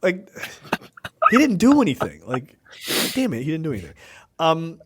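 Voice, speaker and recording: A man co-hosting a casual film review podcast, retelling scenes in an animated way with many fillers. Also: on the high side, moderate pace, very noisy. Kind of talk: casual chat.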